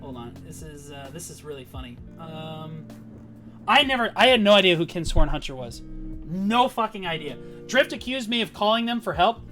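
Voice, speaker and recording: A man's voice: fairly high pitch, animated, moderate pace, pushed and bright, faint music behind. A man talking casually on a livestream as a guild leader, rambling and swearing as he tells boastful stories. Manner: profane, rambling, boastful storytelling.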